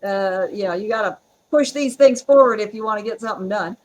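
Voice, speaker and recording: A middle-aged woman, chatting as a podcast guest, strong-willed and quick to laugh. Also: medium pitch, slight background noise, low-quality recording. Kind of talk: casual interview chat.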